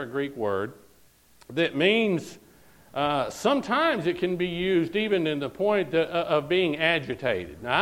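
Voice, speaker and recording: Emphatic preacher, fairly high voice. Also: male voice, poor audio. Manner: emphatic, repeats phrases, asks "All right?". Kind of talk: sermon.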